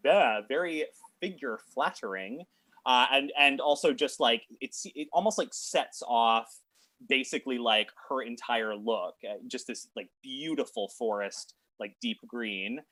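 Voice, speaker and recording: A man serves as game master for a tabletop game, narrating haltingly with lots of fillers and false starts. His mid-range voice is bright and forceful, and there's no room sound.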